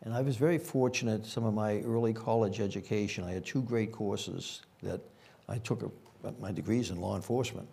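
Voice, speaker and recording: A man's voice: on the low side, fairly quick, vocal fry, mellow, breathy edge. An older man with a Boston accent, a former police chief telling rambling anecdotes with frequent fillers at a conference panel.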